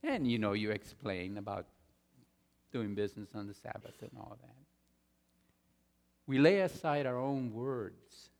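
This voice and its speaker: A man preaching a sermon as pastor, stressing points loudly and then dropping to quiet asides. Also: lowish voice, a little slow, gravelly, long pauses. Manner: emphatic, swings between loud stresses and quiet asides. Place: church sanctuary. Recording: long reverb of a large hall.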